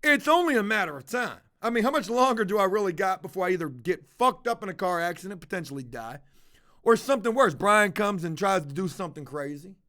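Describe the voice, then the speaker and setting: A man's voice: sits high, expressive, fast, bright, forceful tone. A man livestreaming to his viewers, telling a confessional story in a blunt, profane, casual way. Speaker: livestreaming vlogger.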